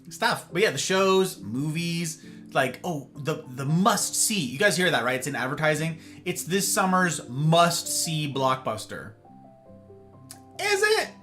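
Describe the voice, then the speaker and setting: A man's voice: fairly high pitch, animated, unhurried, fairly bright tone. A man hosting a casual livestream, rambling animatedly to his viewers and acting out little snippets of conversation. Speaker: livestream host. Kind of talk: casual chat with live viewers. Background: faint guitar music.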